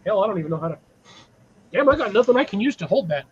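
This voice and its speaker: Man, high voice, rambling casual chat, swears a lot, muffled lo-fi sound. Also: very animated, racing, slightly rough. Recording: dull lo-fi mic.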